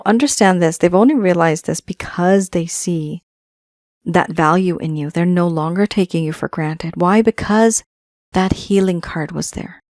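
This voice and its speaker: A woman's voice: lowish voice, darkish tone, no echo, clean studio sound. A woman reading tarot cards to her viewers, musing and intuitive as she speaks straight to them. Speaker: tarot reader. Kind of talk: solo tarot card reading to camera.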